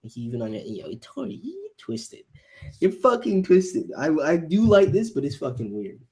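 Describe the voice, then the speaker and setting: A man's voice: on the high side, wildly swooping pitch, moderate pace, vocal fry. A man reacting live to a manga chapter, ranting heatedly, swearing and stammering over repeated words. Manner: reads panel lines aloud softly.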